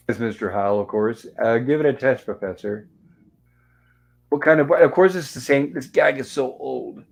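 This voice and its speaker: A man with a mid-range voice hosts a relaxed recap, walking through an old episode scene by scene. He reads the characters' lines aloud in a plain, conversational way, with no put-on voices. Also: medium pitch, moderate pace, vocal fry, husky. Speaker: show host. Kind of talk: casual episode recap chat.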